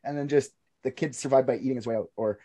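A man's voice: mid-range voice, quick pace, dark tone. A man co-hosting a podcast, joking and rambling with casual profanity. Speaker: podcast co-host. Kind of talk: casual chat.

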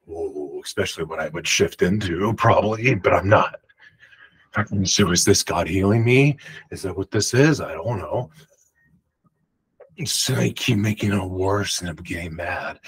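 Husky man rambling through a story. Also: deep voice, moderate pace, rough recording. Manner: rambling, animated, self-interrupting retelling. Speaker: host. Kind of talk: personal storytelling monologue.

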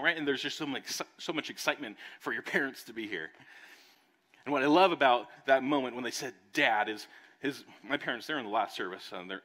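A young adult man, a pastor preaching a sermon and telling a personal story, acting out voices along the way. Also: medium pitch. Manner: animated storytelling, acts out voices. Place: church service.

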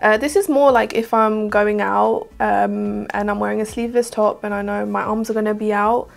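A woman's voice: medium pitch, fairly even intonation, moderate pace, creaky. A British woman giving a candid, chatty beauty product review, often filling with "like". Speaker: beauty vlogger. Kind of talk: casual product review to camera.

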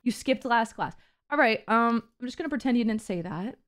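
Playful, lively young-sounding woman streamer. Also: a little high, fairly quick. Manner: playful, teasing, easily flustered; slips into a mock posh accent. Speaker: streamer host. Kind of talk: casual chat stream.

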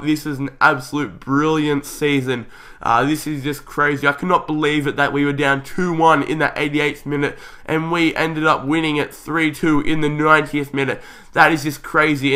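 Young male gaming YouTuber, higher-pitched, shouty match-style commentary, voice strained and going. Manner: shouts at goals, calls play like a match commentator. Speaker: YouTuber playing a football career mode. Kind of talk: excited gameplay commentary.

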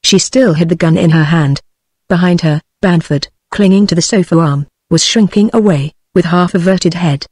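A text-to-speech voice of a woman with a British English accent, reading a novel aloud in an even, measured way. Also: fairly low pitch, breathy edge, dry recording, studio quality. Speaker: audiobook narrator.

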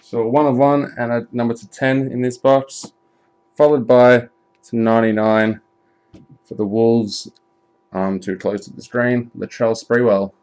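A man opening trading card packs live, chatting casually, swearing often and bursting into excited shouts at big pulls. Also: medium pitch, unhurried, clear, resonant tone. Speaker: card break streamer.

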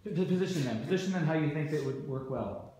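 A male drama teacher coaches students through a rehearsal and keeps asking for their ideas. His voice sits a bit high for a man. The room echoes heavily, with faint noise underneath. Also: lively intonation, fast, dark tone. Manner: encouraging, asks many questions. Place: school rehearsal space.

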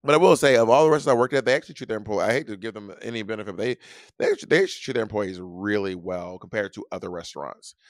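A man's voice: lowish voice, racing, dry recording, studio quality. A man co-hosting a podcast in casual chat, teasing and playfully argumentative. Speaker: podcast co-host.

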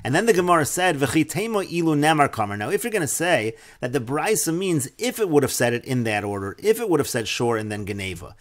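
Male Talmud teacher, a bit high-pitched, steady read-then-explain delivery. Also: fast talker, few pauses. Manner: reads Aramaic phrases then explains in English. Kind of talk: Talmud lesson, reading and translating.

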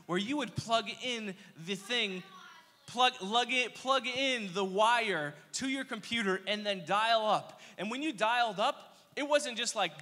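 A young man preaching a casual youth sermon, telling energetic, slangy stories with playful asides. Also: high voice, unhurried. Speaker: youth pastor. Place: church hall. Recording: long reverb of a church hall.

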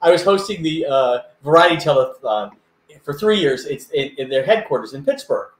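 An older man telling a lively anecdote in a casual chat, acting out other people's voices as he goes. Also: fairly high pitch, normal speed, echoey room. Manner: animated, acts out voices in anecdotes. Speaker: guest.

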